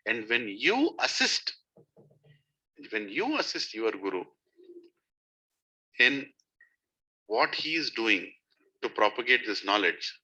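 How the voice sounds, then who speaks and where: On a dull lo-fi recording, a man leading a satsang delivers a devotional talk full of stories and questions for his audience. His medium-pitched voice is very animated but slow, with long pauses, a sharp tone and a breathy edge.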